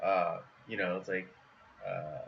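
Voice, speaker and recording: A man co-hosting a podcast stream, chatting eagerly about cartoon episodes and getting loud and animated when acting out quotes. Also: low-pitched, slow, gravelly, slight background noise. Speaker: podcast co-host. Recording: dull lo-fi stream audio.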